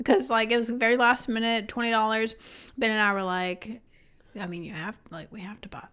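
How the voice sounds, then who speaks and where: A young woman co-hosting a casual podcast chat, gushing and excited, who often drops to a whisper for emphasis. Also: medium pitch, moderate pace, clear, resonant tone. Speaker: podcast co-host.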